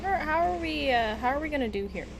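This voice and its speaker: A woman's voice: sits high, expressive, fast. A woman streamer chatting casually while she plays, answering her chat with playful asides. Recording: clear game noise under the voice.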